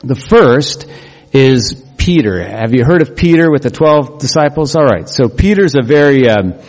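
Pastor preaching in an echoey hall. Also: male voice, mid-range voice, animated, darkish tone. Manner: conversational and humorous, with quick asides. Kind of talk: sermon. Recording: echoey hall with long reverb.

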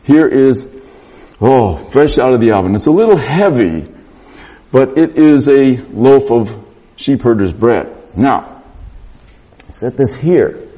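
A middle-aged man preaching a storytelling sermon, animated and acting out the dialogue. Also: mid-range voice, takes it slowly, long pauses, breathy edge.

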